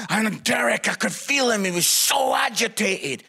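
A man's voice: extremely high pitch, lively intonation, normal speed, gravelly, hardly any pauses, sharp tone, husky, shouting. A middle-aged Scottish man preaching in a chatty, self-mocking way, telling funny stories that build to punchlines. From Scotland. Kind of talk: humorous storytelling sermon.

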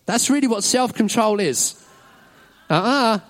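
A man's voice: high-pitched, lively intonation, moderate pace. A man leading a children's talk in a church service, upbeat and encouraging, praising every answer. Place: church hall with an audience.

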